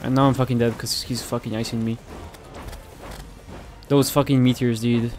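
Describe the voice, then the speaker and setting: Profane, excitable young man gaming. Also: mid-range voice, moderate pace, faint music behind. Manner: profane, excitable, swears constantly and reacts loudly. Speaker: gameplay commentator. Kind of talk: casual gameplay commentary.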